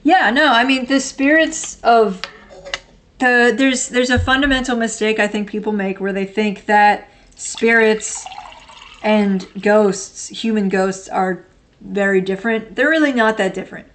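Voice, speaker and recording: A woman's voice: on the high side, steady tone, measured pace, slight background noise. A woman in her thirties hosting a livestream, chatting casually and answering viewer comments in a rambling, blunt way with frequent laughter. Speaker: livestream host.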